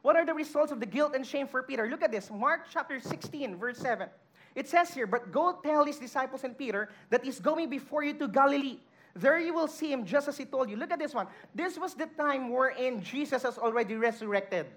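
A woman's voice: high-pitched, animated, brisk. A woman preaching an earnest sermon, reading scripture aloud and stressing key lines.

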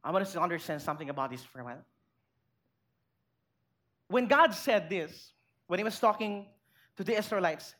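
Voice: mid-range voice, very animated, fairly quick, pauses often, a bit bright. A pastor preaching a sermon in church, making emphatic points and putting rhetorical questions to the congregation.

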